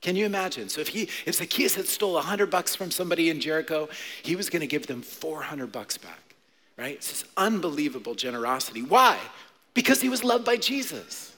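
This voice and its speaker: A man preaching an animated, conversational sermon to children and adults, often checking in with "right?". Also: a little high, brisk. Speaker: pastor. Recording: echoey hall.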